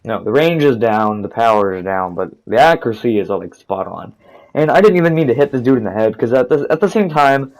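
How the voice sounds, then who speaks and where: A man's voice: medium pitch, expressive, fairly quick, poor audio. A teenage boy telling a rambling, profane story over gameplay, restarting his sentences often. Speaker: gaming storytime narrator.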